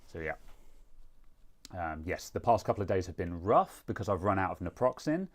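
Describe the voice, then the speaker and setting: A man's voice: deep voice, very animated, normal speed. A British man hosting a live stream, chatting casually in a rambling, self-mocking way. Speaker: streamer host.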